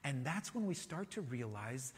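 A man preaching a sermon as pastor, talking in a conversational, animated way and asking the congregation rhetorical questions. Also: mid-range voice, moderate pace, husky, big-room sound.

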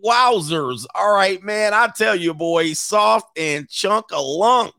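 A man's voice: high-pitched, animated, takes it slowly, vocal fry, bright, forceful tone, no room sound. A middle-aged man, a dating coach, doing slangy, joking live reaction commentary with laughing asides.

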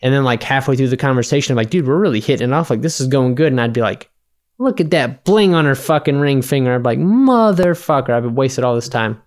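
A man's voice: medium pitch, fast talker. Rambling, profane man telling bar stories. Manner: rambling, profane storyteller acting out bar dialogue. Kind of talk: casual drunken chat.

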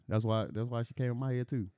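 A man's voice: mid-range voice, gravelly, no echo, clean studio sound. A man co-hosting a podcast, telling a story with lots of laughing and acted-out quotes. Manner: animated storyteller, acts out quotes with big laughs. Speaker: podcast co-host. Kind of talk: casual storytelling chat. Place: podcast studio.

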